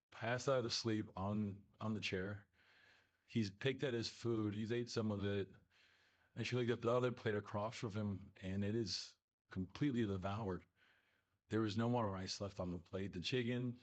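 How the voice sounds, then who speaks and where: Low-voiced man rambling through a story. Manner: rambling, halting, many fillers. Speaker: listener telling a submitted story. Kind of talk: casual spoken storytelling.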